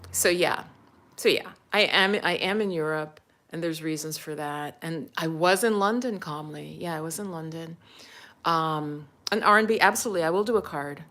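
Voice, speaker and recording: A woman's voice: fairly low pitch, fairly bright tone. Chatty American woman on a livestream. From United States. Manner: chatty, laughs often, drops to a whisper for asides. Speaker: spiritual coach and livestream host. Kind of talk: casual livestream chat.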